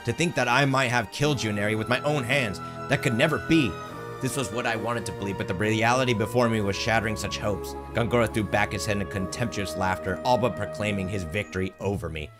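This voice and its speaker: Low-voiced man reading game text dramatically. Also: quick pace. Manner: earnest, expressive reading with brief surprised asides. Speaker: streamer. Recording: game music behind the voice.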